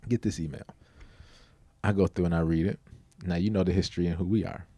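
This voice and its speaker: A middle-aged man telling a story on a parenting podcast in an emphatic, animated casual way. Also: deep voice, quick pace, no echo.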